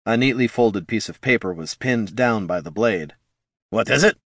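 A man narrating a fantasy story in a steady, storytelling delivery. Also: on the low side, moderate pace, no room sound, studio quality.

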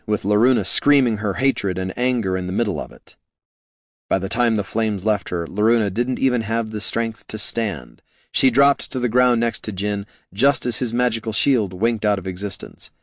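A man reading a fantasy novel aloud in an expressive storytelling manner. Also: fairly low pitch, normal speed, dry recording, clean studio sound. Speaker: narrator. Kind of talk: fantasy audiobook narration.

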